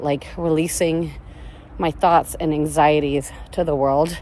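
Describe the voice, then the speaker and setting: A woman's voice: deep voice, fairly even intonation, unhurried, warm tone, slight background noise. A young woman venting in a casual monologue, rambling and anxious, swearing often. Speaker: vlogger.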